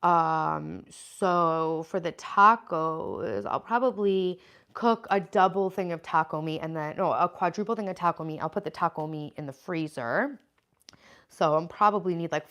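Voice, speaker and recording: A woman's voice: low voice, expressive, moderate pace, vocal fry, fairly bright tone. Chatty woman in her thirties livestreaming. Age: 30s. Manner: chatty, scattered, frequent "um" and "like" while listing groceries. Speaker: livestream host. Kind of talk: casual livestream chat, reading viewer comments.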